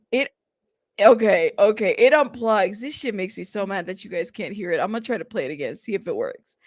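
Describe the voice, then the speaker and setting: A woman's voice: medium pitch, animated, moderate pace, pauses often, no echo. A woman hosting a casual reaction commentary stream, chatty and exasperated, often laughing. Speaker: commentary channel host.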